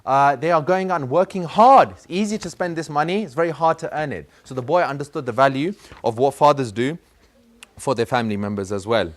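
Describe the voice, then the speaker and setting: A man's voice: medium pitch, a little fast. A man speaking to schoolchildren as a teacher, telling a moral story and acting out the boy and the father in it. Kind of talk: storytelling talk to a school class.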